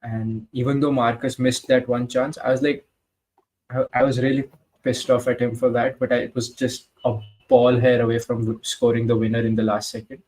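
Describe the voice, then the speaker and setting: A man co-hosting a casual football match-reaction chat, blunt and sweary and animated. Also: mid-range voice, moderate pace, poor audio. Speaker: football podcast co-host.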